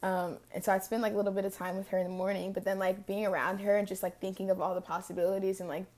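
A woman's voice: medium pitch, little pitch movement, racing, darkish tone. Reflective young woman telling a personal story. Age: early 20s. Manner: casual, reflective, frequent "like" fillers. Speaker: podcast host.

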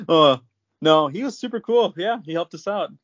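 A man's voice: high voice, muffled recording. Rambling man telling a hunting yarn. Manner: rambling, filler-heavy, lots of "like". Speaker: podcast host. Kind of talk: casual storytelling chat.

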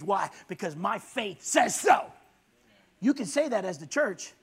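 A man preaching a fiery sermon in church, swinging from low intense murmurs to loud shouts. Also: sing-song, unhurried, husky.

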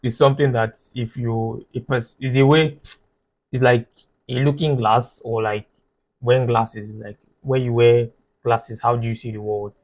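A man's voice: mid-range voice, level tone, a little slow, a little mellow, rough recording. A man talking as a podcast guest in casual chat. He is playful and jokey, and explains his ideas with loose comparisons.

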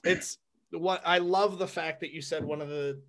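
A man's voice: a little high, fairly even intonation, moderate pace, fairly bright tone, dry recording. A man hosting a podcast, speaking in an earnest, reflective way in a casual conversation.

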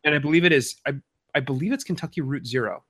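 A man with a bright, forceful voice, a touch higher than most, co-hosting a podcast from Minnesota. He talks in loose, joking banter and needles his partner with playful jabs. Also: fast talker, husky. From Minnesota, USA. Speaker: podcast co-host. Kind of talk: casual chat. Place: suburbs of Minnesota.

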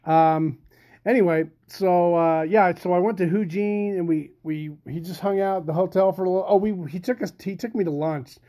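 A man's voice: high-pitched, moderate pace, warm tone. A man hosting a casual podcast, rambling and chatty with lots of fillers and restarts. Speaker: podcast host. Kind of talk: casual chat.

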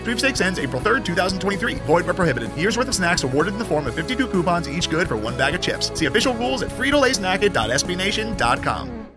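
Upbeat male ad announcer over music. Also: high-pitched. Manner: lively, upbeat promo delivery. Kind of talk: scripted ad read. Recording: music bed behind voice.

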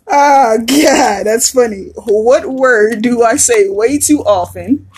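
A woman's voice: fairly high pitch, darkish tone, husky. A woman hosting a casual solo podcast, chatty and laughing often, swearing freely as she talks. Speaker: podcast host.

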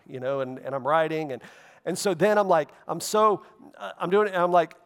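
A man's voice: fairly high pitch, a little fast. A man preaching a sermon in a loose, conversational way, with frequent asides and "right?" and "okay?" tag questions. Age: adult, walked with faith over half his life. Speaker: pastor. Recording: long hall reverb.

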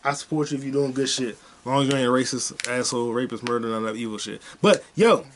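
A man's voice: medium pitch, fast, slight background noise. A young man hosting his own podcast, telling loose, profane stories and repeating his punchlines. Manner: loose, profane, repetitive storytelling. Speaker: podcast host. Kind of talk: solo comedic podcast monologue.

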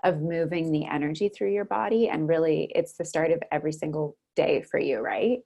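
Casting: podcast host, low gravelly woman's voice, eager and chatty. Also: brisk, mellow. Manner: eager questions full of fillers. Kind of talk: casual interview.

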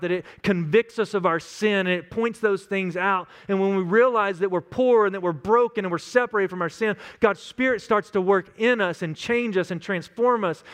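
A man's voice: high voice, a bit bright. A man in his thirties from West Texas with a Texan accent, preaching a conversational, story-driven sermon. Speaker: pastor.

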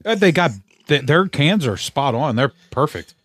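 A man's voice: a little high, expressive, normal speed, a bit bright, slight background noise. A man co-hosting a casual beer-tasting chat, joking, swearing and laughing often. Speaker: podcast co-host.

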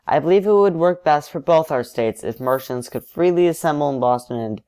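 A man voicing a formal middle-aged male state leader in a history story, pitched a bit above his narration. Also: expressive, fairly quick, warm tone, clean tone, natural voice.

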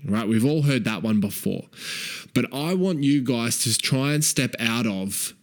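A man coaching fathers in a frank, profane way. He keeps asking "right?" and repeats key phrases for emphasis. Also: medium pitch. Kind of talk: direct-to-camera advice talk.

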